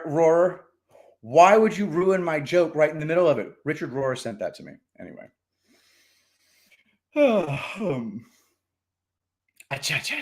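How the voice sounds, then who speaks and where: A male streamer chatting casually with his live audience. He greets viewers by name and keeps the talk loose and joking. His voice sits mid-pitch but moves around a lot. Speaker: livestream host. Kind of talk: casual livestream chat.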